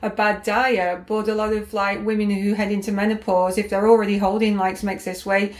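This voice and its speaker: A woman's voice: medium pitch, level tone, brisk. A woman co-hosting a fitness podcast in a chatty, easygoing way, often ending points with a tag question. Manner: chatty, laughs easily, uses tag questions. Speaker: podcast co-host. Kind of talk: casual podcast chat.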